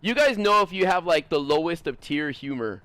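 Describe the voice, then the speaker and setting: A man's voice: fairly high pitch, lively intonation, normal speed, pushed and bright, smooth, dry recording. A young man streaming, talking casually in a blunt, profane, rambling way full of fillers. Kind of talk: casual livestream chat.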